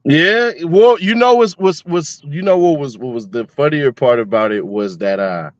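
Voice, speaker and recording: A laid-back man hosting a casual chat, his voice set a little high for a man. He rambles and restarts his sentences, recorded dry and a bit dull. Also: lively intonation, normal speed, no room sound. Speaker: host.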